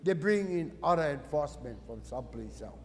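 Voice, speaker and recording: A middle-aged man from Hawaii's Big Island with a Hawaiian Pidgin accent, giving an impassioned activist talk at a conference, swinging from loud to quiet. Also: a little high, lively intonation, brisk, long reverb tail.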